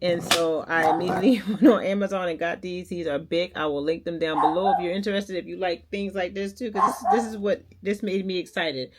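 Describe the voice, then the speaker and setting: A woman in her forties chatting excitedly to camera at home, calling her viewers y'all. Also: on the low side, brisk, hardly any pauses, heavy background noise. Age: 40s. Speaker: lifestyle vlogger. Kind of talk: casual chat to camera. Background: dog barking.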